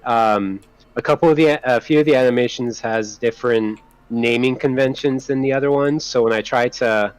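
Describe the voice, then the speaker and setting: Halting man explaining a tech problem. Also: mid-range voice, clear, resonant tone, no room sound, rough recording. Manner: halting, many ums and restarts. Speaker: game developer on the team. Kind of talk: casual technical chat.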